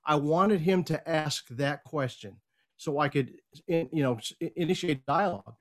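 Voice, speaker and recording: Animated middle-aged man telling a story. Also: fairly high pitch, moderate pace. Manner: animated storyteller, acts out quoted lines. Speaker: podcast guest, speaker and coach. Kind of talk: casual interview storytelling.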